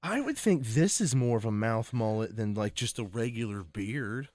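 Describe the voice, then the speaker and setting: A man's voice: mid-range voice, lively intonation, normal speed, a little mellow, no room sound. A man co-hosting a podcast, dropping dry quips in casual banter. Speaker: podcast co-host.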